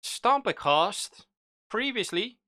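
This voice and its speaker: A man's voice: high voice, big pitch swings, takes it slowly, bright, forceful tone, no echo, studio quality. A young man with a Dublin accent, chatting casually and jokily while hosting a live hobby stream. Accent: Irish, Dublin. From Ireland. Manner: chatty, jokey, reads chat aloud.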